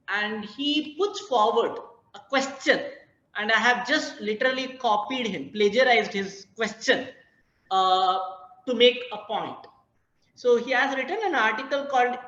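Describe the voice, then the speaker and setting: A woman's voice: a little high, a bit bright. Give me a woman lecturing over a video call, echoey room, a bit muffled. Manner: deliberate, searching pauses with many uh fillers. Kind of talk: online academic lecture.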